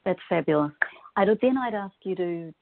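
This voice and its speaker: Woman, New Zealand accent, enthusiastic interview guest, lowish voice, phone-quality audio. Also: lively intonation, moderate pace, vocal fry. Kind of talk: podcast interview. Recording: tinny phone-line audio.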